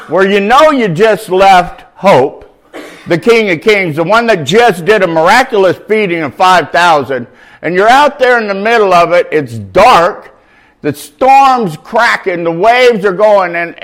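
A man's voice: high voice, fairly bright tone. Slangy, emphatic man preaching. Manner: slangy, conversational, rising to emphatic bursts. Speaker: preacher at a recovery meeting. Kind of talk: informal sermon.

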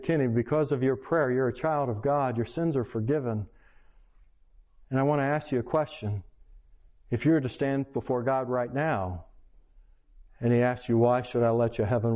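A man, a pastor, preaching a sermon by retelling a personal story with quoted dialogue. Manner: animated retelling with quoted dialogue, pitch rising in excitement. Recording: lo-fi, dull sound.

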